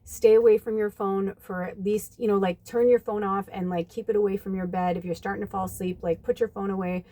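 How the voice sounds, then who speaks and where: A woman's voice: mid-range voice, fairly even intonation, fairly quick, hardly any pauses, warm tone. A woman, a spiritual medium, talking casually and rambling with lots of fillers and some swearing while giving advice to her viewers. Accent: American. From United States.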